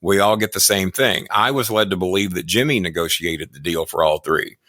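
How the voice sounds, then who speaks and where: Older American man, former wrestling manager, profane, boastful, bright lower voice, dry close sound. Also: fairly quick, no room sound. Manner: profane, boastful, rambling anecdotes. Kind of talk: casual storytelling chat.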